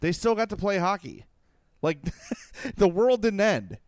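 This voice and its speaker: A sports podcast co-host from Illinois, giving opinionated hockey talk in an emphatic, repetitive, lecturing way. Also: male voice, high voice, sing-song, a little slow, dry recording. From Illinois, USA.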